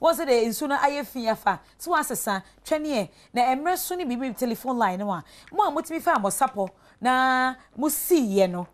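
A woman hosts a television talk show in a high, bright-sounding voice that swings widely up and down. She leads the conversation with animated, probing questions. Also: a little fast. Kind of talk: Twi-language TV talk show.

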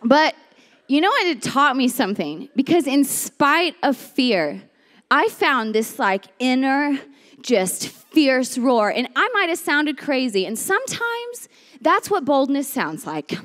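A young woman with a high, bright voice preaches in a lively, conversational way. She tells her story with energy and slips into different voices as she goes, talking to the congregation like friends. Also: slow, in a large hall. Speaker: speaker at a women's church series. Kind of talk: animated storytelling sermon.

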